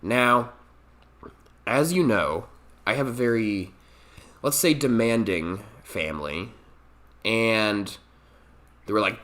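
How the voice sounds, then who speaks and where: A young man telling a comic story about his life, profane and animated, acting out the people in it. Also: fairly low pitch, takes it slowly, long pauses. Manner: animated, profane, acts out quoted voices. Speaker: storytime YouTuber. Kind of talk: comedic storytime monologue.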